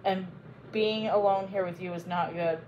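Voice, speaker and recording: A shy young dancer in a storybook, gentle and earnest, speaking softly with quiet conviction, as a woman reader puts her on. Her voice sits in a middle pitch, nothing forced. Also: fairly even intonation, moderate pace, lo-fi sound, slight background noise, natural voice. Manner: soft, earnest.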